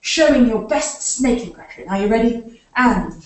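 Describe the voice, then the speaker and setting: Woman, children's storyteller, playful and interactive, slightly high voice, distant and roomy. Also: animated, normal speed, slight background noise. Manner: playful, asks children to join in with actions. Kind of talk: live story time for young children. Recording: echoey room, far from the mic.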